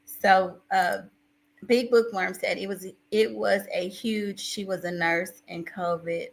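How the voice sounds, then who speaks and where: A woman's voice: medium pitch, fairly even intonation, slow pace, gravelly, low-quality recording. A woman hosting a casual live stream, reading out viewers' chat messages. She talks emotionally in rambling restarts and calls herself a crier.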